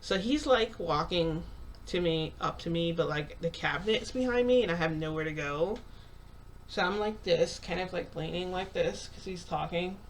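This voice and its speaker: A woman's voice: lowish voice, normal speed. Young woman, casual storytelling, chatty and rambling, faint background hiss. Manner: chatty, filler-heavy retelling with quoted dialogue. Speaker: vlogger.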